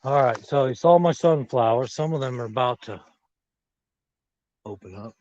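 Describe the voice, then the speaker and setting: A man's voice: medium pitch, lively intonation, normal speed, darkish tone, lo-fi sound. A man hosting a casual live-stream garden tour outdoors, chatting with viewers in a rambling, friendly-plain way while filming on a phone or camera. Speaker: garden channel host. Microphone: phone or camera on a tripod, then handheld while walking.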